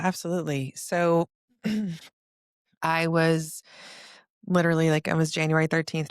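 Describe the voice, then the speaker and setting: Gravelly-voiced woman telling her story. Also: deep voice, no echo, clean studio sound. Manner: earnest, tumbling, emotional retelling. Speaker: podcast guest. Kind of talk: personal storytelling in a casual interview.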